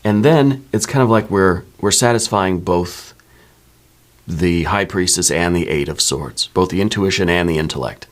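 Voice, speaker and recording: A man with a very low voice lays out a tarot reading in a soft-spoken, unhurried way. He muses aloud and keeps checking in with the listener as he goes. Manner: relaxed, musing, often checks in with "right?". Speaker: tarot reader.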